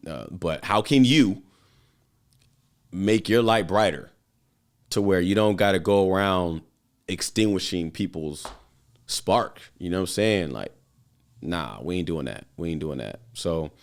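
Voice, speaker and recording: A man's voice: low voice, clear, resonant tone. A man hosting his own show, talking loosely and casually with lots of slang, fillers and swearing. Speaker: podcast host. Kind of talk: casual motivational monologue.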